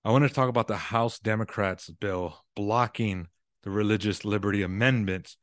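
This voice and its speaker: Low-voiced man giving casual commentary. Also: moderate pace, no echo, clean studio sound. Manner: chatty, loose phrasing with frequent "kinda" and self-corrections. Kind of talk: casual solo commentary on news and movies.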